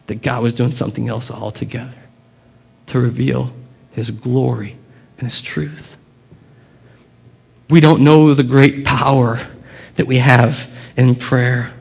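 Gravelly-voiced man preaching a sermon. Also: medium pitch. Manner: earnest, expressive preaching with quiet drops and emphatic rises. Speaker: pastor.

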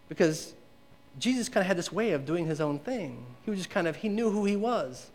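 A man's voice: sits high, big pitch swings, a little fast. A man preaching a conversational sermon to a congregation, asking them questions and acting out the quotes he reads. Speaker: pastor.

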